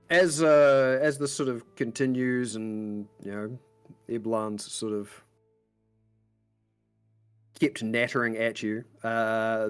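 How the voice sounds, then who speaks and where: A man's voice: medium pitch, smooth. A man narrating a tabletop game as game master, describing scenes in a meandering, detailed way.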